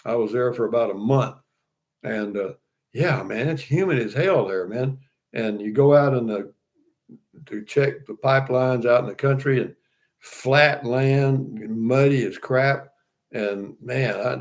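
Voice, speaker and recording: A man's voice: mid-range voice, a little slow, darkish tone. Older male host, folksy and rambling, casual stream chat. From Texas. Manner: folksy, rambling, many fillers and restarts. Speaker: livestream host. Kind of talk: casual chat reading viewer comments.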